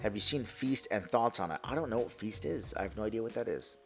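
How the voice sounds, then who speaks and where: Profane, excitable male streamer. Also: fairly low pitch, fast, soft background music. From New York. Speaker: live streamer. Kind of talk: casual live-stream chat, answering chat.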